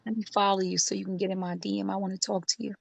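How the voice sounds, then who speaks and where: A woman's voice: medium pitch, flat delivery, very fast, vocal fry, no echo. A woman hosting a casual livestream, talking in an emphatic, encouraging, preachy way. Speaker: livestream host.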